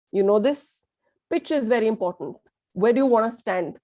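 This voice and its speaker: A woman teaching a communication workshop sounds mellow and expressive, with a medium pitch and moderate pace. Her delivery is emphatic and full of repeated words, as she asks the class questions and weaves in Hindi phrases.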